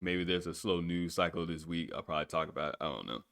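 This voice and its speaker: Deep-voiced rambling male podcast host. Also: fast talker, a bit bright. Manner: rambling, casual, swears freely. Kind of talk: casual solo podcast monologue.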